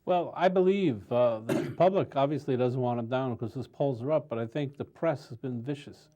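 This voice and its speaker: A man's voice: medium pitch, moderate pace, dark tone, highs cut off. A man hosting a talk show, asking his guest questions in a conversational way.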